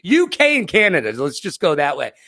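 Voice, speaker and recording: An American man hosting a casual interview, telling animated stories and acting out the quotes. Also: fairly high pitch, fairly quick. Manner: animated storyteller, acts out quotes loudly. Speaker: interview host.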